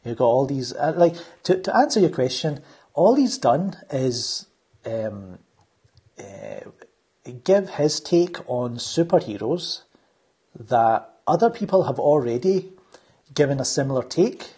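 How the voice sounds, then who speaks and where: A man's voice: medium pitch, very animated, unhurried, warm tone, breathy edge. A man hosting a casual podcast chat, rambling with lots of fillers and restarts. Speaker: channel host.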